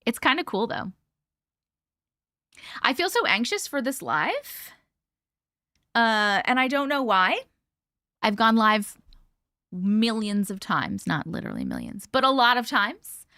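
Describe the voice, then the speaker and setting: A woman's voice: on the high side, huge pitch swings, unhurried, long pauses, sharp tone, no echo, clean studio sound. A young woman hosting a casual livestream, greeting viewers by name and chatting, short on sleep. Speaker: livestream host. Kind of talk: casual live-stream chat.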